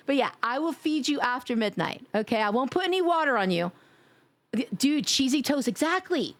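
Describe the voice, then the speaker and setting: A woman streaming live in a casual, playful chat, teasing her viewers and laughing loudly. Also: very animated, normal speed, no room sound. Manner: drops to a low sultry tease at times.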